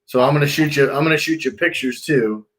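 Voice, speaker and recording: A man's voice: a little high, quick pace, fairly bright tone. A man working as a pool designer, talking casually and reassuringly with clients about a backyard plan.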